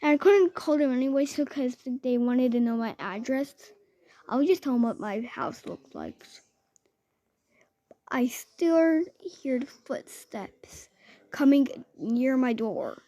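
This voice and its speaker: Brief: woman, high voice, slow rambling scary-story teller. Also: animated, dark tone. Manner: rambling, lots of "I was like" quoting. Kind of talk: improvised scary story telling.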